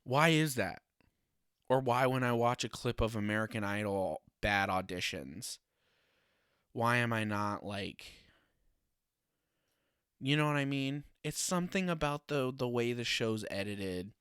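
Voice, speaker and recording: A man's voice: medium pitch, animated, measured pace, long pauses, fairly bright tone, clear, resonant tone, dry recording, studio quality. A young man hosting a casual solo podcast, ranting with sarcasm and swearing and laughing often. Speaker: podcast host.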